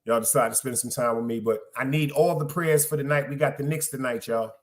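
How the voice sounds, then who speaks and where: A man's voice: mid-range voice, fairly quick. A middle-aged man, hosting a podcast in loose, streetwise solo chat, repeating phrases for emphasis. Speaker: podcast host. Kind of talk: casual solo livestream chat.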